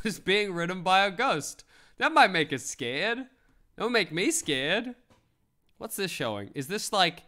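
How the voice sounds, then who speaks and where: A young man streaming, joking and swearing as he reads web articles aloud. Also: a little high. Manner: joking, animated, swears freely. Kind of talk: casual commentary reading web articles.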